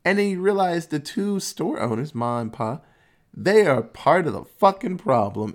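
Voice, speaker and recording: A man's voice: fairly high pitch, normal speed. A man casually recapping a movie plot, acting out the characters' quotes, swearing and laughing as he goes. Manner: animated storytelling, acts out quotes, swears, laughs.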